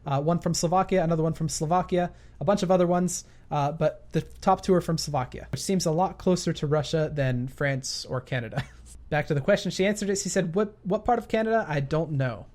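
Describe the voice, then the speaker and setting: A man's voice: a little high, fairly quick, a little mellow. Playful man narrating a gaming story. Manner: playful, self-correcting asides. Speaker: gaming YouTuber.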